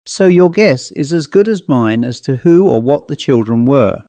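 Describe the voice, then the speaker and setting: A man voicing a haunted storyteller who now hates the woods, speaking in a grave, quietly insistent way. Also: mid-range voice, lively intonation, normal speed, dry recording, natural voice.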